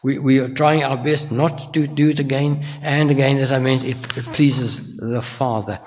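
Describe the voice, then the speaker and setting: A man's voice: medium pitch, steady tone, normal speed, darkish tone. Older man preaching in a reverberant hall. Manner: earnest, rhetorical questions to the congregation. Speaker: minister. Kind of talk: sermon.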